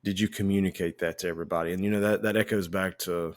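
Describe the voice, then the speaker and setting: A man co-hosting a podcast, casually telling a firehouse story in a relaxed, anecdotal way and acting out the lines of the people in it. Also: low voice, fast. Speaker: podcast co-host; firefighter.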